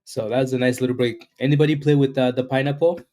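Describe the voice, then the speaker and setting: A man's voice: medium pitch, steady tone, fast, mellow. A man hosting a live day-trading stream, chatting loosely through market commentary, greeting viewers and ending lines with "right?". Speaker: day-trading livestream host.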